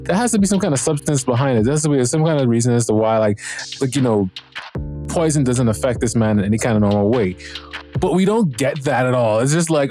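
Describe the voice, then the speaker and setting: A man's voice: medium pitch, expressive, fairly quick, warm tone, soft background music. Rambling, profane man reviewing a show. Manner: rambling, profane, frequent fillers and restarts. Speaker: podcast host reviewing a TV series. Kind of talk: casual solo review chat.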